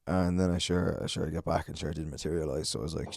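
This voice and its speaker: Deep, sweary Irish man rambling. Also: steady tone, quick pace, vocal fry, a little mellow, no room sound, studio quality. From Ireland. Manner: sweary, rambling, self-mocking. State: out of breath. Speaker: podcast host. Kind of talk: solo podcast chat.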